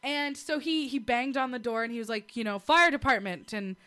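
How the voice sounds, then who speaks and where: Young woman, casual talk; bawdy, giggly storyteller with a fairly high voice. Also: brisk. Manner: giggly, crude, animated retelling with acted quotes. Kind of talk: casual chat.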